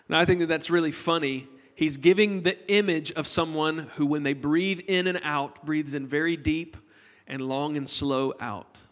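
A man's voice: on the high side, fairly even intonation, unhurried, a bit bright. A middle-aged man preaching a conversational sermon to his congregation, joking with them as he goes. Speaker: pastor. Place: church hall. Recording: long hall reverb.

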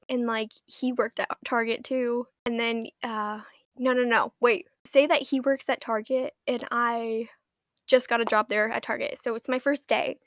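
A woman's voice: on the high side, vocal fry, no room sound. Crude rambling young woman, close and dry. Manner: crude, self-mocking, rambling, swears constantly; drops into whispers for asides. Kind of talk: casual monologue to camera.

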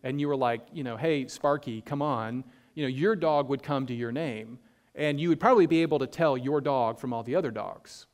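A man's voice: mid-range voice, darkish tone. Man preaching a conversational sermon. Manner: conversational preaching, reads scripture slowly, many fillers. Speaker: pastor.

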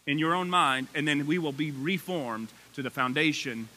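A male pastor preaches energetically at a normal speed, his voice rising high when he gets excited. He drops casual asides to the congregation.

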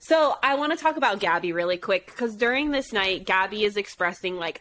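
A woman's voice: medium pitch, fairly quick, few pauses, rough recording. A young woman co-hosting a podcast, chatting animatedly about a dating show and acting out what people said. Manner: chatty, animated, quotes people in playful voices. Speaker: podcast co-host. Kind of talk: casual chat recapping a dating show.

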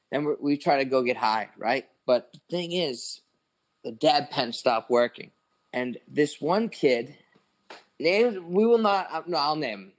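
A man in his twenties, a podcast co-host, telling a long story in casual chat, rambling with lots of "like" and swearing. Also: on the high side.

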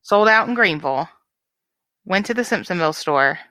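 Bright-voiced, teasing woman. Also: lowish voice, expressive, no echo. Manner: teasing, quick to laugh. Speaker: podcast co-host. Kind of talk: casual chat.

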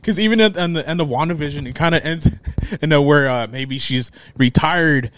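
A man's voice: a little high, moderate pace, fairly bright tone, dry recording. Laid-back man, laughing through chat. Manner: laid-back, laughs between words, many fillers. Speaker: podcast guest. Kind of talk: casual chat.

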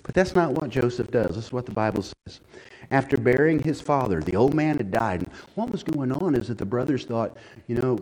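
Pastor guy preaching in church, folksy and chatty, middle pitch, gets loud and punchy. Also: expressive, brisk, rough recording. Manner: folksy, conversational preaching that builds to loud emphatic passages. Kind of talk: sermon.

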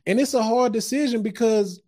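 A man's voice: very high-pitched, brisk, a little mellow. A man hosting his own show, giving an impassioned motivational sermon in casual street slang, speaking straight to his listeners and often repeating words as he starts a thought. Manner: addresses listeners directly as guys and family. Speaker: podcast host. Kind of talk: motivational sermon-style talk.

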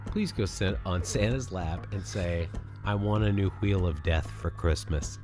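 A man's voice: low voice, a little slow, music in the background. A man co-hosting a podcast in casual chat, joking and swearing freely. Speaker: podcast co-host.

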